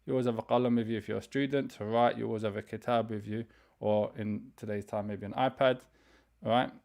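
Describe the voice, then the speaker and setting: A man teaching an online beginner's language class, explaining grammar step by step and reading vocabulary slowly for students to repeat. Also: lowish voice, fairly even intonation, gravelly, a little mellow. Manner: explains step by step, reads words slowly for repetition; frequent fillers and restarts, conversational. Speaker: Arabic teacher.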